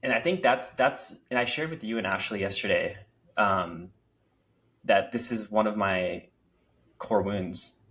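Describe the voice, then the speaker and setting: Low-voiced man reflecting openly. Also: a little slow, fairly bright tone. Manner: reflective, searching for words. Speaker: podcast guest. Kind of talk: casual heartfelt conversation.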